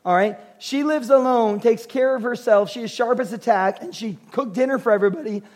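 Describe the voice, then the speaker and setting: A man in his forties delivers a sermon in a notably high, light voice. He tells family anecdotes with playful humor and then turns to earnest, direct exhortation. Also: fairly quick, a little mellow. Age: 40s. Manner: humorous storytelling, earnest preaching. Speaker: pastor.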